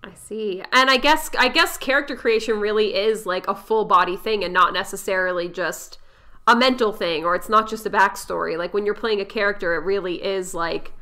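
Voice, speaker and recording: A woman with a bright, sharp-edged voice hosts a casual podcast. She asks curious questions and sums up her guest's points in her own words. Her pitch sits in the middle range. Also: fairly quick. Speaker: podcast host.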